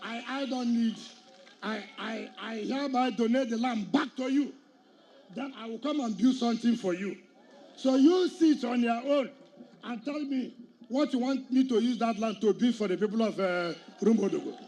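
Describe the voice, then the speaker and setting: A man's voice: very high-pitched, normal speed, a little mellow. A middle-aged man with a Nigerian accent giving a combative public political speech, firing rhetorical questions and challenges at a crowd at an outdoor event. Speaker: state governor.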